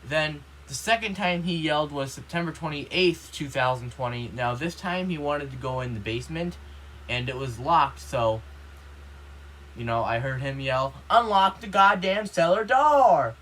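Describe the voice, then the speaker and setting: A man's voice: mid-range voice, moderate pace, fairly bright tone, a little hiss or hum. A man ranting in a casual vlog, rambling with constant fillers, indignant and swearing when upset. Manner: rambling, heavy use of "you know", repeats himself. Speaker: vlogger.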